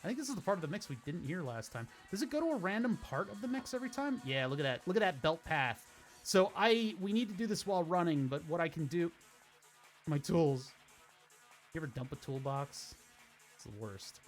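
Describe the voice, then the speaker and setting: Streaming a car-building game from home, this man talks in a slightly high, animated, brisk voice and drifts into stories while he works. His sentences wander and restart as he thinks out loud, rambling and cutting himself off. Faint game music hums in the background.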